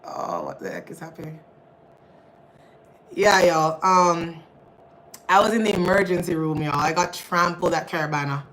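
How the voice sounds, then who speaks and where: A woman's voice: lowish voice, expressive, normal speed, long pauses, a bit bright, slight background noise, low-quality recording. A young woman hosting a casual livestream, chatting with viewers and reading their comments, laughing often and calling her audience y'all. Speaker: livestream host.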